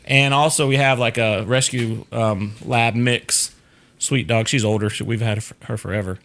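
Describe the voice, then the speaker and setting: A man's voice: medium pitch, fairly even intonation, moderate pace, a bit bright. A man hosting a casual livestream chat, talking in a rambling way with frequent chuckles. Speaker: show host.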